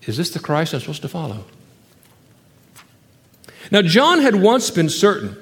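Emphatic high-voiced male preacher. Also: wildly swooping pitch, unhurried, long reverb tail. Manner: emphatic preaching, swinging from loud rhetorical questions to hushed, quiet stretches. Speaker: pastor. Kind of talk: sermon.

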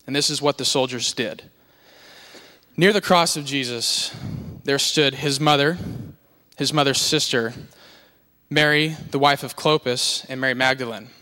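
A man's voice: mid-range voice, a little slow, pushed and bright. A man earnestly reading scripture aloud, stumbling over a few words. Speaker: scripture reader. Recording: long hall reverb.

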